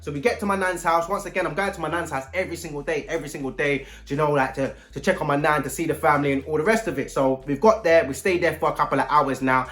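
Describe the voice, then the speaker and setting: A man telling a casual storytime vlog. He uses heavy slang and often bursts into loud shouts. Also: fairly high pitch, quick pace, few pauses. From London. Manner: slang-heavy and animated, breaking into loud outbursts. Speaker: vlogger.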